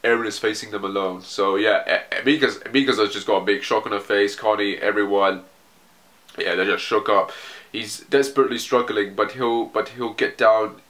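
A man's voice: fairly low pitch, fairly even intonation, normal speed, a bit bright. A man casually commenting on a manga chapter as he reads, rambling and swearing, with frequent restarts. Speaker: manga reaction video host.

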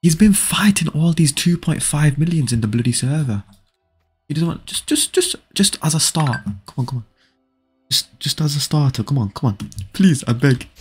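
A man's voice: on the high side, breathy edge. A young man streaming a game live, chatting with viewers and urging a friend to fight. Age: young adult. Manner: excitable, pleading and laughing, talks to chat. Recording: faint background music.

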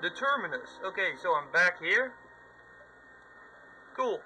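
A man's voice: sits high, animated, a little slow, bright, forceful tone, slight background noise, poor audio. A man commentating his gameplay in a sweary, sarcastic running rant at the game. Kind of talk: let's play commentary.

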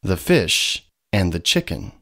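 A man narrates picture-book stories for young children. He reads very slowly and clearly, his pitch swinging widely in a sing-song way. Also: big pitch swings, pushed and bright. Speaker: storybook narrator. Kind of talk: scripted children's story narration.

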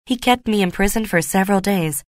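A woman's voice: medium pitch, fairly quick, dry recording, studio quality, close to an everyday voice. A woman reading the lines of a scheming young woman who pleads and plays the victim. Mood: pleading.

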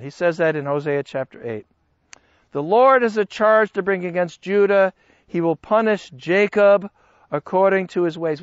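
A man teaching a Bible study class in an animated, conversational way, joking with his listeners. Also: sits high, no room sound, dull audio.

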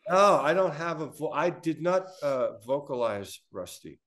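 A man who is a podcast guest, telling a story in a measured, casual way. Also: fairly high pitch, lively intonation, a bit bright. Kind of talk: casual chat.

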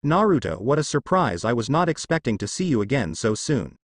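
A man's voice: mid-range voice, big pitch swings, fairly quick, no room sound, studio quality. A man voicing a stern, commanding elderly male village leader in a fan fiction reading. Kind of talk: fan fiction read-aloud.

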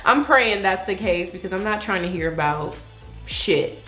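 A woman hosting a reaction video, chatting casually and reacting with quick asides. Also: medium pitch, animated, a bit bright, echoey room, soft background music.

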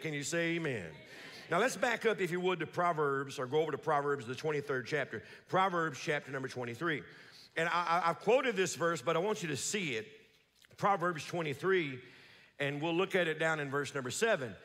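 A man preaching to his congregation in a sizeable church, his fairly high voice bright and forceful. He slows right down to repeat key words, calls out for amens, and his voice rings with a long reverb through the hall. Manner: preaching with call-and-response, slow emphatic repetitions. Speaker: pastor. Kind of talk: sermon. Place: large church sanctuary.

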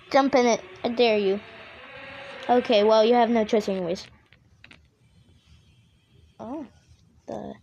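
A woman's voice: fairly high pitch, slow pace, pauses often, warm tone, lo-fi sound, slight background noise. A woman doing casual reaction commentary, frightened, pleading with the screen and repeating herself. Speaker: reaction video host.

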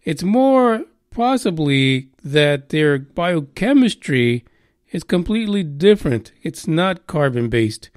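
A man's voice: on the high side, sing-song, slow pace, no room sound, clean studio sound. Profane, rambling male podcast host. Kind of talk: casual news chat.

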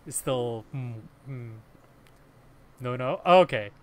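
A man's voice: mid-range voice, slow. A young man, co-hosting a casual podcast chat, laughing often and repeating himself. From Philippines. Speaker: podcast co-host.

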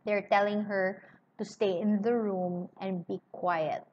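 A woman's voice: medium pitch, steady tone, slow, darkish tone. Woman reading and explaining a novel. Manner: reads, then paraphrases in casual asides. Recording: slightly muffled with faint hiss.

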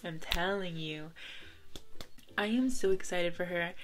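A twenty-five-year-old woman gushes her way through casual reaction commentary in her bedroom late at night. She giggles often and slips into a hushed whisper so as not to wake the house, with a faint hiss in the background. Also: lowish voice, measured pace. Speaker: video creator reacting to a music video.

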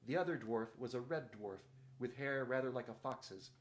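With a mid-range voice, a male reader narrates a novel at a steady, measured pace.

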